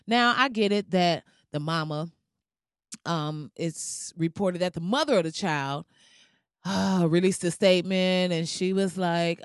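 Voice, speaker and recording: A woman's voice: on the low side, normal speed, clear, resonant tone, dry recording, studio quality. A woman giving a heated, profane commentary rant to camera, blunt and swearing freely. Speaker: vlogger.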